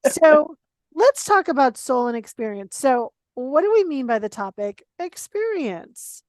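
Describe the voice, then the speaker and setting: Animated, emphatic woman host. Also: high voice, measured pace, no room sound, studio quality. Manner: animated, emphatic, playfully blunt. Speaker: podcast host. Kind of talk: casual conversational interview.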